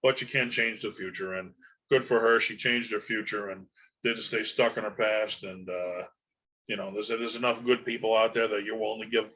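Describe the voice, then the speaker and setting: A man's voice: on the low side, fairly even intonation, moderate pace, sharp tone, slightly rough, lo-fi sound. A man hosting a podcast on his own, talking in a rambling, folksy way with lots of fillers. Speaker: podcast host. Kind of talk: casual solo podcast monologue.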